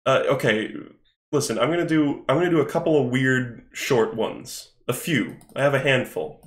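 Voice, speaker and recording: A man's voice: medium pitch, moderate pace. A man streaming games live, chatting, thinking aloud and swearing casually as he plays. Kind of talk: live game-stream commentary. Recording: echoey room.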